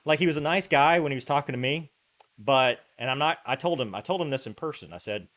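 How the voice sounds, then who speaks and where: A man's voice: medium pitch, quick pace. Man telling a story in casual chat. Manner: animated anecdote-telling, full of fillers and asides. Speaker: podcast host.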